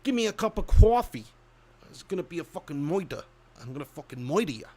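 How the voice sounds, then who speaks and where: A man's voice: fairly high pitch, sing-song, fast, darkish tone. A man voicing a foul-mouthed Brooklyn tough guy who threatens and swears over coffee, in a put-on Brooklyn accent. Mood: aggressive.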